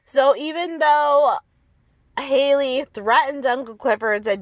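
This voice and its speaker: A woman's voice: high voice, measured pace, no room sound. A woman giving a blunt, opinionated and profane recap of a TV episode in a casual chat. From outside the American South. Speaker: TV recap host.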